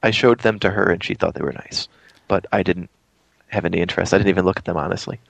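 A man on a casual gaming podcast, blunt and deadpan. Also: low-pitched, fast talker, gravelly, no echo.

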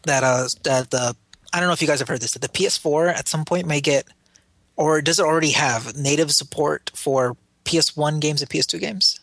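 Quick, slightly high male co-host, stumbling restarts, dry mic. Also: vocal fry, a bit bright, no room sound. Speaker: podcast co-host. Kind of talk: casual gaming chat.

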